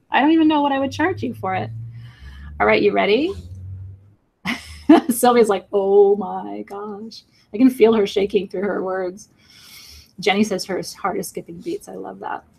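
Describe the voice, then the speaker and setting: A woman's voice: medium pitch, gravelly, a little mellow, husky. Gushing woman hosting a live sale. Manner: gushing, enthusiastic, emotional, laughs often. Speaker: livestream crystal seller. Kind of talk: live sales stream, chatting with viewers.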